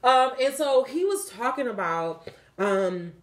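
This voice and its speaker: A woman giving a casual spiritual tarot reading, animated and profane, often laughing as she talks. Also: a little high, slow pace. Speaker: tarot reader.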